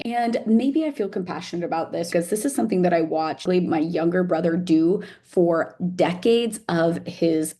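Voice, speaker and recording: A woman's voice: fairly low pitch, dark tone. A woman teacher talking casually to camera, often checking in with "right?" and "like". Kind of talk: casual reflective talk to camera.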